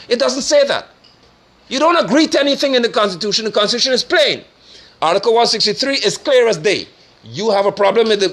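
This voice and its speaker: Animated high-voiced man preaching. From Guyana. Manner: forceful, scornful, rising to sermon-like declarations. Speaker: commentator. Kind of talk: preaching political commentary.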